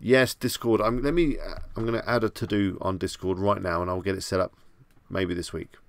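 A relaxed English man with a Bedfordshire accent hosts a late-night live stream from home, answering viewers in an easygoing ramble. His voice sits low with a gravelly, fry-edged texture. The sound is close and dry, with no room echo. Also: fairly quick. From England. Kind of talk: casual live stream chat.

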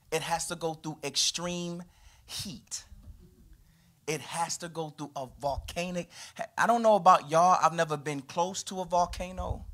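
A man, a pastor preaching a lively sermon to his congregation, his voice rising and falling from loud to quiet. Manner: animated preaching with sweeping pitch and volume. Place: church.

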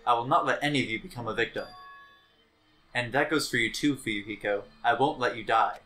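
A man voicing a haughty, composed young male heir in a game playthrough, speaking in calm declarations. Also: medium pitch, a little fast, natural voice. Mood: stern. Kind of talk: let's play voice acting.

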